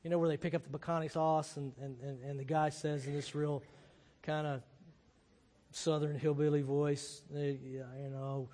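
A man's voice: fairly high pitch, little pitch movement, moderate pace, warm tone. A man, a pastor, gives a thoughtful, conversational sermon in a large reverberant room.

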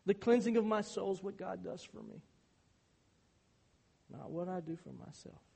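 A man's voice: sits high, animated, normal speed, gravelly, long pauses, darkish tone, breathy edge. A male pastor preaching a sermon, his delivery turning emphatic and intense on key points. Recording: hall reverb.

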